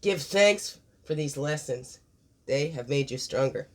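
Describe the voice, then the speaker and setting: A woman's voice: deep voice, lively intonation, measured pace. Reflective woman giving a daily card reading. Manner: reflective, asks many questions, warm encouragement. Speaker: spiritual guidance host.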